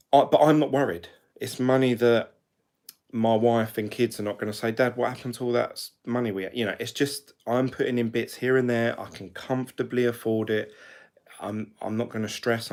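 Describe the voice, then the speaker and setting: Rambling British man, low voice. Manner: rambling, chatty, self-correcting. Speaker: crypto vlogger. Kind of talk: casual monologue to camera.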